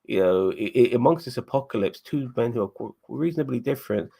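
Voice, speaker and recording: A man's voice: medium pitch, expressive, vocal fry, mellow, husky. A man co-hosting a live review, talking emotionally and stumbling over restarts. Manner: emotional, halting with many restarts. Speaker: podcast co-host.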